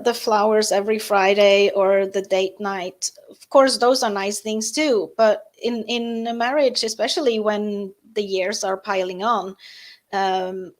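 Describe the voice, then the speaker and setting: A woman with a Norwegian accent, a guest in a live interview, talking softly and hesitantly with many fillers and restarts. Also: mid-range voice.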